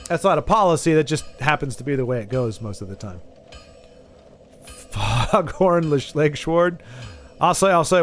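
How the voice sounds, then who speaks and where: A man's voice: on the high side, lively intonation, normal speed, pauses often, fairly bright tone, slight background noise. A man streaming a game, chatting casually with his viewers and often stammering and restarting his sentences. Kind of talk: casual live-stream chat while gaming.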